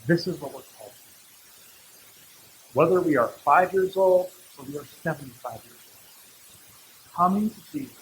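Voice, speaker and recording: A middle-aged male pastor giving a sermon in a church, talking in a relaxed, conversational way with humorous asides. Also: on the high side, moderate pace, long pauses, slight background noise, low-quality recording.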